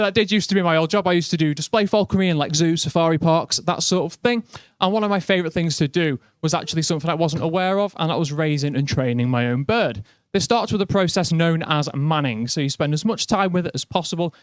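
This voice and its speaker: Young scouse guy doing standup, talks loose and self-deprecating, pretty high voice. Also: no room sound. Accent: Liverpool. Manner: chatty, self-mocking, lots of "like" and "but no". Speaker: stand-up comedian. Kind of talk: stand-up comedy set.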